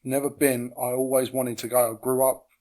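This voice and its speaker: A man's voice: medium pitch, level tone, normal speed, warm tone. Man, house DJ guest, casual chat, enthusiastic, sweary.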